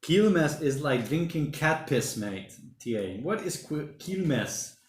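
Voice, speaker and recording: A man in his thirties hosting a casual solo livestream from home, reading viewer comments aloud and rambling as he thinks out loud. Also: a little high, big pitch swings, takes it slowly. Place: home during lockdown. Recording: roomy home room echo.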